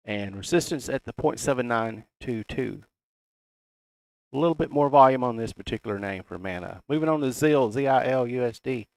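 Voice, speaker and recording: Folksy Southern man with a gravelly voice. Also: medium pitch, lively intonation, normal speed, no room sound. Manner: folksy, reads price levels aloud. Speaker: crypto chart analyst. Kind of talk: casual chart commentary.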